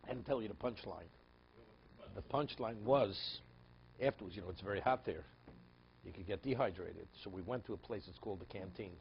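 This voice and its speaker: A man's voice: fairly low pitch, a little fast, vocal fry, dull audio, slight background noise. A man who is a rabbi giving a religious text lesson, telling stories, asking rhetorical questions and often repeating words. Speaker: rabbi teaching a daily class.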